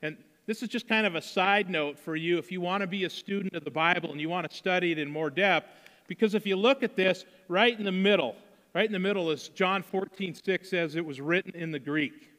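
Male pastor, higher voice, bright and forceful, conversational sermon in a reverberant church. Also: brisk. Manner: conversational preaching, acts out quotes.

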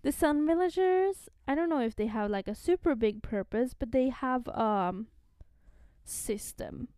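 A woman's voice: sits high, lively intonation, a little slow, warm tone, clear, resonant tone, no echo, clean studio sound. A woman co-hosting a podcast, chatting casually about a comic series with plenty of fillers and small laughs. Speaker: podcast co-host.

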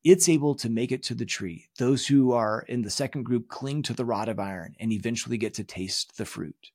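A man's voice: medium pitch, a little fast, darkish tone, no echo, clean studio sound. A man teaching a recorded course lesson, explaining in an earnest tone with emphatic rises. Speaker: religion course instructor. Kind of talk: recorded video lecture.

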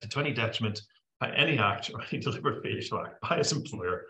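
A man co-hosts a casual legal podcast on employment law cases, reading out case judgment summaries packed with fillers and the occasional joke. His mid-range voice is animated, fast and sharp, in a roomy, low-quality recording.

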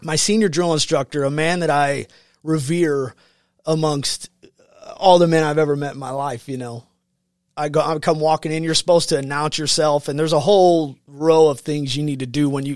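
An American military veteran with a fairly high voice tells stories as a guest in a casual studio interview, with no echo. He's animated, acts out quotes, and uses lots of fillers.

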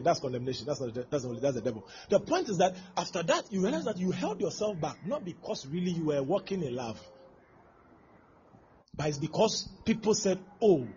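A male pastor preaches a sermon, acting out scenes with exclamations and laughter. His voice is a little high with a darkish tone, and the recording is dull and lo-fi with faint background noise.

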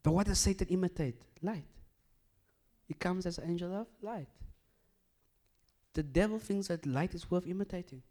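A man preaching a sermon, swinging from loud emphatic bursts to hushed low lines and repeating phrases as he builds a point. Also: normal speed, pauses often.

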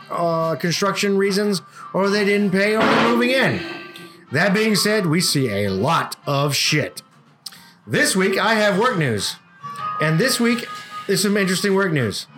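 A man co-hosting a casual podcast, telling a work story with lots of swearing and acted-out quotes. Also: high-pitched. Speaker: podcast co-host.

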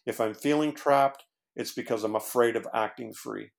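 In a conversational podcast appearance, a man who used to be a pastor recounts his own story with sincerity, stumbling through lots of fillers and restarts. He has a creaky mid-range voice and a moderate pace.

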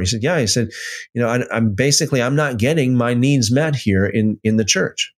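A man's voice: medium pitch, moderate pace. Man, livestream host, casual storytelling, frequent restarts, reads chat comments aloud. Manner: storytelling with many restarts and repeated words.

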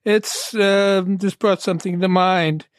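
Male guest, slightly high pitch, wry and reflective, dry studio sound. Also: fairly even intonation, slow pace, no room sound. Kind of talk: casual podcast discussion.

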